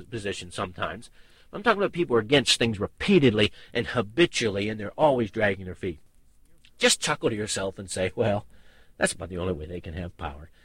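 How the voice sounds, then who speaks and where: A man's voice: medium pitch, fairly bright tone, husky, no echo. A man preaching to pastors in a folksy storytelling manner, repeating his key phrases for emphasis. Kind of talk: sermon.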